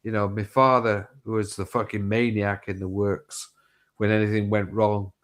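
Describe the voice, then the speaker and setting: A man's voice: fairly low pitch, flat delivery, normal speed. A middle-aged man, telling rambling stories in casual chat, swearing freely and restarting his sentences.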